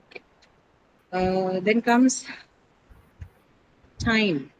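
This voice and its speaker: A woman's voice: mid-range voice, drawn-out words, no room sound, poor audio. Woman teacher quizzing a class. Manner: explains step by step, quizzes students, corrects herself, many fillers. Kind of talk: classroom lecture on pronunciation.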